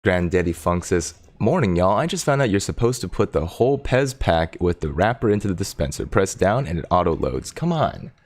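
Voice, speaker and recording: Man, very low voice, gravelly, casual livestream host, chatty, reads out chat comments. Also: sing-song, a little fast, few pauses. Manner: chatty, reads viewer comments aloud, talks to his dog. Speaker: stock market livestream host. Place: home desk in Silicon Valley.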